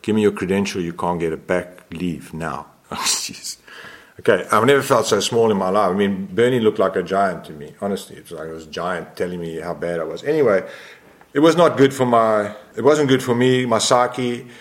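A man's voice: fairly low pitch, moderate pace. A man in his sixties, a photographer guest in an interview, telling a long story in a rambling way, often correcting himself. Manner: rambling, self-correcting, animated.

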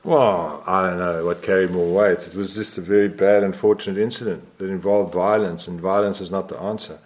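Older man, low voice, rambling interview anecdote, self-correcting. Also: steady tone, brisk, a little mellow. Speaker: motorsport photographer guest. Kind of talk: interview storytelling.

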